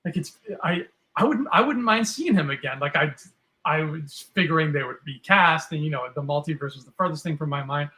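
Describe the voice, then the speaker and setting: A man co-hosting a podcast in casual chat, telling animated stories and dropping into silly voices for quotes. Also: a little high, fairly quick. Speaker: podcast co-host.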